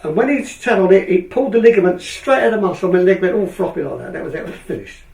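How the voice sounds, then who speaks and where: A man's voice: sits high, rapid-fire, creaky. An older man, a retired speedway rider from England, telling a long anecdote and acting out the other people's lines. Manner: animated storyteller, acts out other people's lines. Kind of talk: anecdotal storytelling. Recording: echoey room, from a distance.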